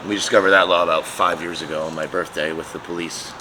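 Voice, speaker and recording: A man with a very low voice tells a rowdy story about his shop, swearing freely and laughing as he goes. The recording has clear background noise from the shop around him. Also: fast talker. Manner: profane, laughing, animated storyteller. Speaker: custom motorcycle shop owner. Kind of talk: casual storytelling chat. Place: motorcycle shop.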